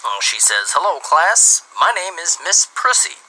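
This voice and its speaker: Man, reading dirty jokes, animated storyteller, swooping pitch, very bright tone. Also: unhurried, low-quality recording. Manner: animated storyteller who starts many lines with "well".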